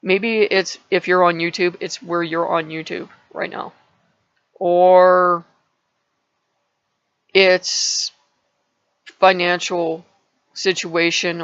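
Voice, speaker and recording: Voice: mid-range voice, fairly bright tone, dry recording, muffled recording. A channel host telling a parable in a casual vlog, rambling and restarting words often.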